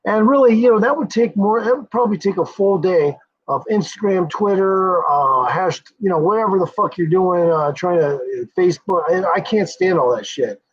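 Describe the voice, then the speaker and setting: A man's voice: sits high, normal speed, slightly rough. A man hosting a casual livestream, rambling and cursing freely, often trailing off with fillers. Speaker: livestream host. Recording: dull lo-fi sound.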